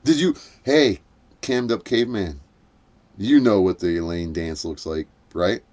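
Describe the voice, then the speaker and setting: A man's voice: sits low, measured pace, darkish tone. An older man hosting a late-night livestream, rambling, swearing and cackling at his own jokes, punch-drunk from lack of sleep. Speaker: livestream host.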